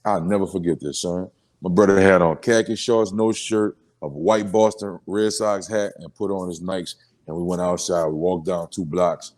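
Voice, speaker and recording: A rapper from New Orleans, Louisiana in a casual sit-down interview, telling emotional stories in street slang and filler phrases. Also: male voice, low voice, steady tone, normal speed, a little mellow.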